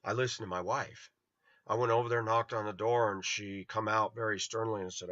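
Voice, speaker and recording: Here the middle-aged vlogger from Los Angeles talks fairly quickly in a voice on the low side, with fairly even intonation and a sharp tone. He tells personal stories in a monologue, blunt and meandering, performing the voices he quotes. The sound is dull, dry and lo-fi, with no room sound.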